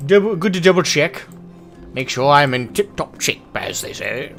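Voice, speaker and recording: Brief: male game streamer, casual and joking, lively pitch, faint music under him. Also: normal speed. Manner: casual, joking, self-mocking. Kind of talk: reading game dialogue aloud with asides.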